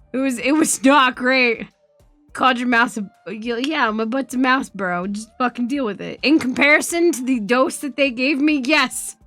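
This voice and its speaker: A woman streamer chatting casually, telling a story in an animated, swearing way and laughing often. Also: mid-range voice, dry recording. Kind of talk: casual chat.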